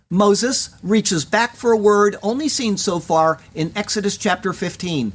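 In a deliberate, measured preaching voice of medium pitch, a Bible teacher works verse by verse through scripture. Along the way, Hebrew terms are pronounced with care, and every so often the listeners are asked a direct question.

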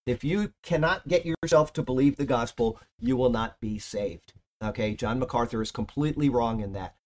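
A man delivering a sermon, moving from earnest teaching with strong emphasis into relaxed, chatty asides. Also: medium pitch, moderate pace. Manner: earnest, lively emphasis, drifts into casual asides. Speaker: preacher.

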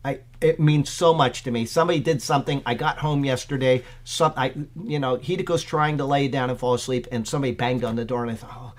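A man's voice: medium pitch, quick pace, few pauses. Chatty man teaching Bible commentary. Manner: conversational, many fillers, grows excited.

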